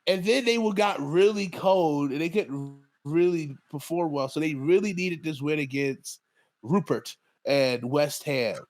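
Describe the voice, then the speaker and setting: A man's voice: on the high side, measured pace, darkish tone. A man co-hosting a podcast, talking loosely and casually through a show recap, sounding tired. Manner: loose, chatty, laughs often. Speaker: podcast co-host. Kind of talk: casual chat.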